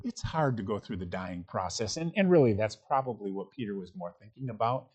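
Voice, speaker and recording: Husky-voiced man preaching casually. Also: fairly low pitch, lively intonation, fairly quick, hardly any pauses, darkish tone. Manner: informal, reflective, chuckling asides, frequent restarts. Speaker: pastor. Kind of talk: conversational sermon.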